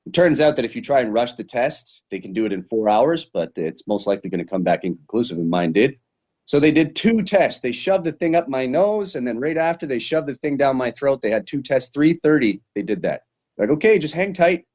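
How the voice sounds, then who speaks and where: A man's voice: mid-range voice, sing-song, brisk, darkish tone. A male fighter recapping a bout in a casual interview, rambling and swearing as he tells the story over a video call. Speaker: professional fighter. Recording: dull lo-fi sound.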